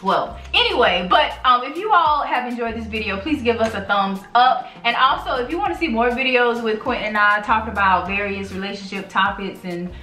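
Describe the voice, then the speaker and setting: A chatty woman with a bright, fairly high voice talks casually as a channel host, often restarting her sentences. Her voice rings in an echoey room, and the mic sits some way off. Faint music plays underneath. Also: expressive, a little fast, hardly any pauses, far from the mic. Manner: chatty, rambling with many restarts. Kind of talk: casual couple chat.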